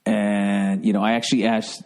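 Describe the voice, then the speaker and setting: A man's voice: lowish voice, flat delivery, normal speed, darkish tone. A middle-aged American man telling a rambling, profane comedic story as a podcast host.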